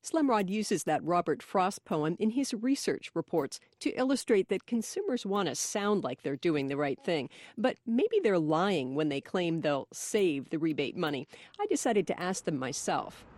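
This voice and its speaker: A woman radio reporter delivering a scripted news story in a lively, storytelling way. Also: on the low side, normal speed, dry recording, studio quality.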